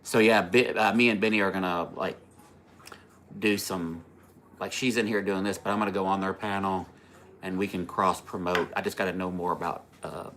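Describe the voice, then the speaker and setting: Bright-voiced man hosting a rambling livestream. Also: low voice, fairly even intonation, normal speed, a little hiss or hum. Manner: rambling, laughs at his own jokes; reads and answers viewer comments. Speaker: livestream host. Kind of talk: casual livestream chat.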